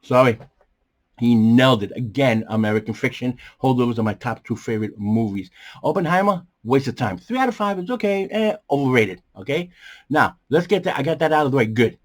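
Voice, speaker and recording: A man hosts a movie review show, talking in a rambling, animated way. His voice is strained, with coughs breaking through, and he restarts his sentences often. He talks from a small bedroom studio. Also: mid-range voice, a little fast. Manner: animated, jumps around, many fillers and restarts. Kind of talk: casual rambling commentary.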